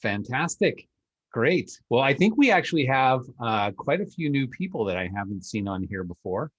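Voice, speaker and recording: A man's voice: mid-range voice, big pitch swings, normal speed, lo-fi sound. A man hosting a podcast over a video call, upbeat and chatty, joking with his guest. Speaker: podcast host. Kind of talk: casual interview chat.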